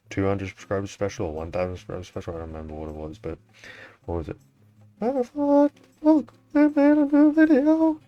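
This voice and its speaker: A young man hosting a fan art showcase in casual, rambling commentary, swearing now and then. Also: sits low. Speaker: showcase host.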